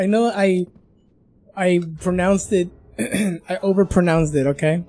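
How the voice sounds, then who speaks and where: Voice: mid-range voice, measured pace, mellow. A livestream host chatting casually and playfully, laughing while fumbling through new pronunciations. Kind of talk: casual live reaction chat.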